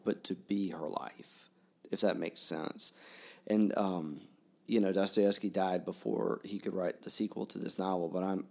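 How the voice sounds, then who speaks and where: Deep male co-host, casual book talk, reflective and groping for words. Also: darkish tone. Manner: thoughtful, searching for words.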